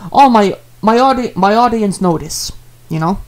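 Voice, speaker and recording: A man's voice: sits high, lively intonation, normal speed. A man, a streamer talking casually and earnestly, rambling and repeating himself with many fillers as he apologizes to a viewer.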